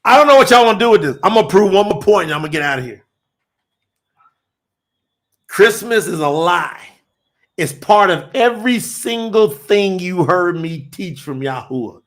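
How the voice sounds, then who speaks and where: A man preaching fervently on a livestream, shouting scripture and then reading from his chat. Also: high-pitched, lively intonation, normal speed, long pauses. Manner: shouts and drawls, reads chat aloud.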